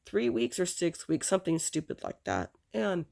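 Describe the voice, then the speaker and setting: A woman recounting a painful episode from her past in a halting, emotional, casual way. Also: lowish voice, sing-song, creaky, darkish tone. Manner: halting, full of restarts and "you know" fillers. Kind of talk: casual spoken recollection.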